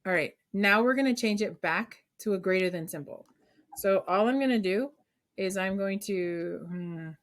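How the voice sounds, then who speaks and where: A woman math teacher leading an online class over a video call, coaxing students with call-and-response questions. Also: medium pitch.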